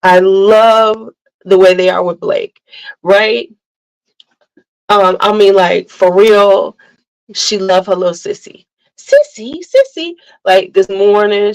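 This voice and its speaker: A woman hosting a casual livestream, telling animated family stories, laughing often and greeting viewers by name. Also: mid-range voice, low-quality recording. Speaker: livestream host chatting with viewers. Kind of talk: casual chat.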